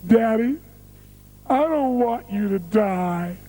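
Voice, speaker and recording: A man's voice: sits high, animated, slow pace, dark tone, pitched above the performer's own voice, heavily acted, low-quality recording. A man voicing a tearful five-year-old girl who pleads with her father. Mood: pleading. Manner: pleading, sobbing.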